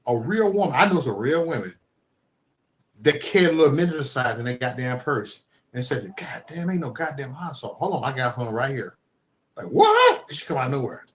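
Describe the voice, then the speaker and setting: A man from Chicago hosts a live stream in a profane, comedic rant. His voice moves in wide, lively swings of pitch. He drops to low mutters, then bursts into loud yelling. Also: fairly quick.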